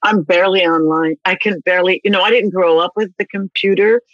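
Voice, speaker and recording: A woman's voice: on the low side, fairly even intonation, brisk, a bit bright, no room sound, lo-fi sound. An older woman being interviewed as a guest, talking in a casual way with dry, wry humor.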